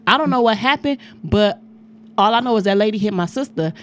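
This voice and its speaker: A woman's voice: medium pitch, lively intonation, fairly quick, a bit bright, slight background noise. A woman on a casual podcast chat, telling brash, profane stories with lots of animation. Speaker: podcast host.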